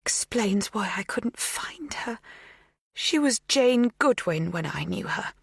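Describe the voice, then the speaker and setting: A woman voicing a desperate, tearful middle-aged mother who pleads in breathy half-whispers in an audiobook. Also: medium pitch, expressive, slow pace, dry recording, clean studio sound, pitched above the performer's own voice, exaggerated voice. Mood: pleading. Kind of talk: audiobook dialogue.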